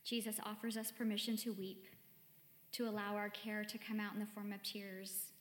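A woman's voice: mid-range voice, flat delivery, moderate pace. A woman giving a chatty, conversational sermon to a church gathering, often saying "like". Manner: chatty, warm-hearted, peppered with "like". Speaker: church speaker. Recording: echoey hall with long reverb, faint music.

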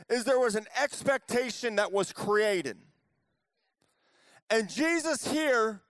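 High-voiced animated preacher man. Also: clean tone, no room sound. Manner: animated storytelling with playful voices. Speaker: pastor. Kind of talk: casual conversational sermon.

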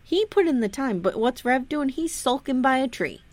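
Animated, laughing woman podcaster. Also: high-pitched, moderate pace, a little hiss or hum. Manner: animated, laughing, acts out quotes; swears casually. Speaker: podcast co-host. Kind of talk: casual chat, recapping an episode.

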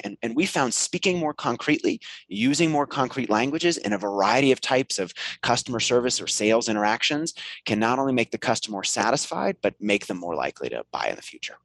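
A man, a professor being interviewed, speaking in a lively, conversational way with frequent ums and restarts as he tells a story and explains his research. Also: mid-range voice, fairly quick, dry recording, rough recording. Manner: animated storyteller with many fillers and restarts. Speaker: guest, marketing professor.

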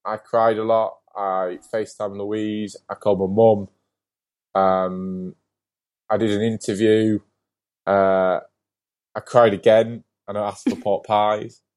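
A man sits in as a podcast guest and tells his story with easy, lively energy. His voice sits a little low, and his talk is loose, with plenty of "like" and the occasional swear word. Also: takes it slowly. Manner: lively storyteller, heavy use of "like", casual swearing. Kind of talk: casual interview chat.

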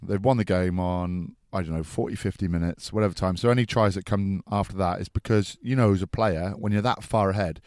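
A man's voice: low voice, a little fast, few pauses, darkish tone, no echo. A man, a former rugby player, chatting easily on a podcast, teasing his co-host and telling anecdotes from his playing days. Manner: easygoing, teasing, tells anecdotes. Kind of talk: casual chat.

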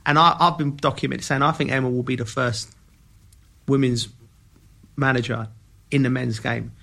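Gravelly man. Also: mid-range voice, moderate pace. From Kentish Town, London. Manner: lively storyteller who acts out quoted dialogue. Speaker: podcast co-host, former footballer. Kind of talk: casual podcast chat.

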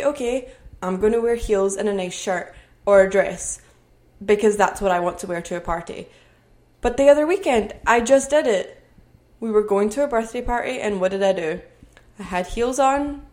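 A Scottish woman in her twenties hosts a solo podcast from home, speaking in a mid-range voice with a darkish tone. Her monologue is earnest and motivational, carried by her Scottish accent.

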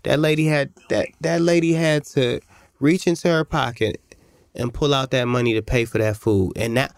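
A man, a musician guest telling a story in a lively, animated way and acting out other people's voices. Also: mid-range voice, normal speed, no room sound. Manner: animated, acts out voices in stories. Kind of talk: conversational storytelling.

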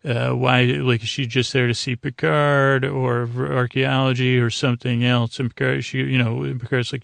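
A man's voice: mid-range voice, level tone, normal speed, creaky, hardly any pauses, no echo. A man hosting a podcast, recapping an episode in a casual, rambling way with playful asides. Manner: rambling, with frequent ums and restarts. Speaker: podcast host.

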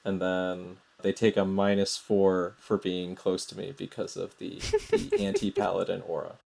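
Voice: sits low, level tone, moderate pace, creaky, darkish tone. A player in a tabletop role-playing game, enthusiastically describing attacks and working through the rules. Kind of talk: casual tabletop play.

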